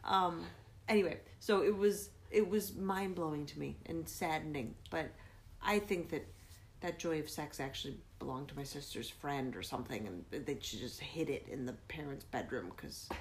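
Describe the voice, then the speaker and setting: A woman's voice: sits low, normal speed, a little hiss or hum. A woman in her forties hosting a podcast, telling rambling personal stories in a casual chat and laughing often. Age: 40s. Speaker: podcast host.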